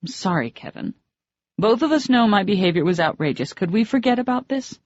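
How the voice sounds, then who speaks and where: A flustered, embarrassed young woman in an audiobook romance, as the narrator puts her on, her voice lifted high and anxious. She keeps apologizing. The recording is dry and a little dull. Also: animated, fairly quick, a little mellow, dry recording, lightly acted. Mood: apologetic.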